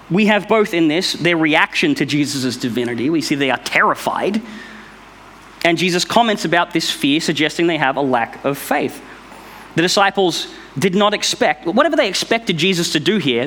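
A man's voice: a little high, expressive, moderate pace, a bit bright. A man giving an informal Bible study, explaining step by step in a thoughtful, conversational way. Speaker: Bible teacher.

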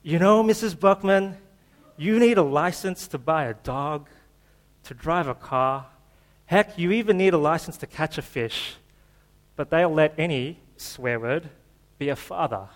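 Aussie guy putting on a slow drawly chill movie dude, kinda higher than his usual voice. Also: lightly acted. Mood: laid-back. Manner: slow, drawn-out delivery. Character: laid-back young man from an old film, drawling.

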